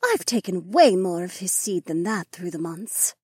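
A man voicing a sly lizard-woman mage in an audiobook, with a soft, purring, teasing delivery. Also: sits high, very animated, moderate pace, slightly rough, dry recording, studio quality, pitched above the performer's own voice, full character voice.

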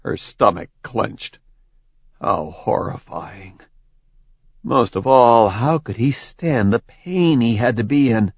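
Male audiobook narrator, gravelly and unhurried, dull dry sound. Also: mid-range voice, lively intonation, no echo. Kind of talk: scripted narration.

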